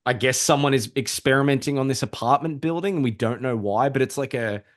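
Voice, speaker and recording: A man in a loose podcast conversation about comics, his mid-pitched voice sitting in the middle of the male range. He talks in an excitable, rambling way, trails into restarts, and swears often. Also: brisk. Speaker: podcast co-host. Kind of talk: casual comic book chat.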